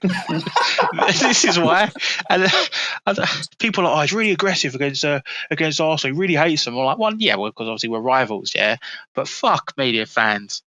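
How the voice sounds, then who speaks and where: A man with a London accent, co-hosting a football podcast, animated and rambling, swearing freely. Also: a little high, moderate pace, poor audio. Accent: London English. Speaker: podcast co-host. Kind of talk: casual football chat.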